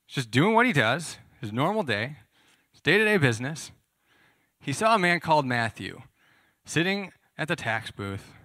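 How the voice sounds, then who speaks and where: A man preaches in a medium-pitched voice that sounds pushed and bright, keeping his sermon casual as he explains scripture and asks his listeners questions. He's a pastor teaching conversationally, recorded dry at studio quality.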